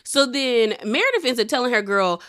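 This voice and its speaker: A woman talks through a reality TV episode in a lively, chatty recap. She acts out each cast member's lines as she goes. Her voice is bright and sits a little high, with quick laughs between her remarks. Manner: animated storytelling, acting out quotes from the cast.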